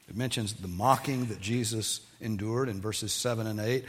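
A man giving a sermon, reading scripture aloud and then explaining it in a measured teaching tone. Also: fairly low pitch, fairly even intonation, in a large hall. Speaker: preacher.

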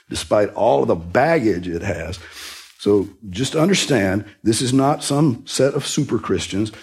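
A man preaching a sermon, teaching earnestly and rising sharply in pitch to stress key words. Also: darkish tone, breathy edge. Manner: earnest, emphatic teaching with sudden rises in pitch for emphasis. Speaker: pastor.

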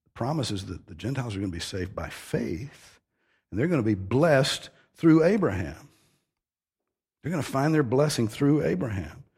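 A man's voice: medium pitch, a little mellow, slightly rough. A man preaching an expository sermon, earnest and emphatic, stressing key phrases as he teaches.

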